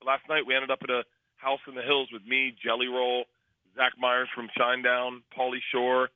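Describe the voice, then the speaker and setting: A comedian guest telling quick, animated stories and acting out the people in them, laughing as he goes. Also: mid-range voice, smooth, no echo. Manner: fast storyteller, acts out voices, laughs often. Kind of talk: animated storytelling. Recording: tinny phone line.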